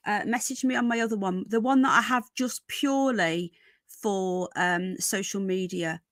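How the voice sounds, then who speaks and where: A woman's voice: mid-range voice, moderate pace, a bit bright, no room sound. A woman hosting a casual livestream from home, chatting and greeting viewers with endearments like darling and sweetheart. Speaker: livestream host.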